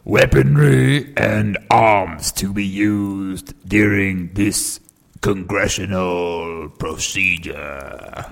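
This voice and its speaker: A man voicing the stern judge of a demon court in a slow, formal manner. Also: deep voice, gravelly, full character voice.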